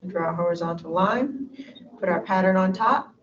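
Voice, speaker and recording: A woman's voice: on the low side, slight background noise. A woman teacher patiently guiding a student through a reading lesson, prompting often with short affirmations. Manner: patient, prompting with quick mm-hmms. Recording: roomy, distant, dull classroom recording.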